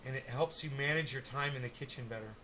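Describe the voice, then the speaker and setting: A man's voice: medium pitch, quick pace, bright, forceful tone, a little hiss or hum. A man hosting a casual live stream, rambling and swearing, with testy, teasing banter with his viewers.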